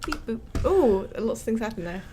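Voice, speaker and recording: A woman co-playing on a live game stream, her voice higher and soft. She speaks hesitantly, trailing off and laughing often as she decides what to do. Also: big pitch swings, normal speed, background noise. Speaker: co-player. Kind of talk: live game-play chat.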